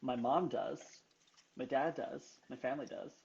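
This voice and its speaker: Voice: medium pitch, moderate pace, gravelly, darkish tone. A guest from New York in a casual video-call chat while cooking, breezy, giggly and upbeat. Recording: dull lo-fi video call audio with faint hiss.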